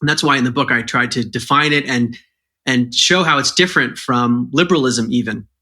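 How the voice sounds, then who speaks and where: A man appearing as an author guest on a podcast, explaining his points in a measured, step-by-step way. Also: medium pitch, pushed and bright.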